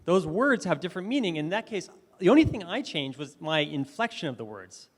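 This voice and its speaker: A man's voice: fairly high pitch, big pitch swings, brisk. A man giving a conversational conference presentation, full of fillers and restarts. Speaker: conference speaker. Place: conference hall. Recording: reverberant hall.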